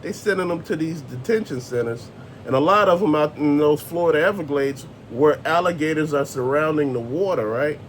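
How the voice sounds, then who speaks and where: A man's voice: on the high side, expressive, brisk, a little hiss or hum. A man hosting his own commentary video, ranting bluntly with plenty of profanity and emphatic jabs. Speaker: host.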